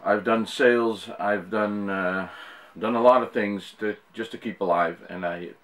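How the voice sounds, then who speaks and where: Deep-voiced Dutch man rambling on camera. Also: fairly even intonation, a little slow, a bit bright. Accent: Dutch speaker with an American-sounding English accent. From Netherlands. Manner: rambling, many fillers and restarts. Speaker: YouTuber. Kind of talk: casual talk to camera.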